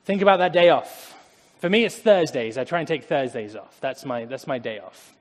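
An English man with an English accent giving a casual, conversational Bible talk, animated and acting out little asides. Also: mid-range voice, moderate pace, big-room sound. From England. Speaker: Bible teacher.

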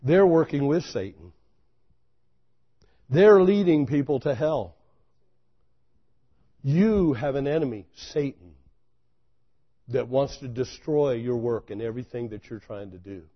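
A man voicing God in a still small voice during a sermon, low and quiet. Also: animated, unhurried, pauses often, dull audio. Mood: solemn.

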